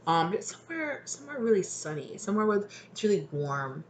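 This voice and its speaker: A woman's voice: medium pitch, very animated, brisk, slight background noise. A woman giving a casual, rambling tarot reading at home, full of fillers. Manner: chatty, rambling, many fillers. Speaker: tarot reader.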